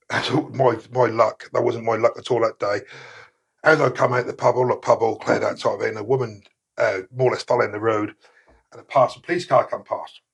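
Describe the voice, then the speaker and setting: A middle-aged man talks in a gravelly, husky voice. He rambles loosely and swears often, full of "uh" and "type of thing". It sounds like casual storytelling as a podcast guest. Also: fairly low pitch. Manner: rough, sweary, rambling with many fillers. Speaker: guest, former prisoner.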